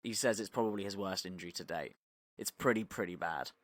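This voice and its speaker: Young male podcaster, lively storyteller, dry close mic. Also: sits low, quick pace, dry recording. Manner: animated storytelling, acting out quotes, swearing, many "like" fillers. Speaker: podcast co-host. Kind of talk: casual podcast chat.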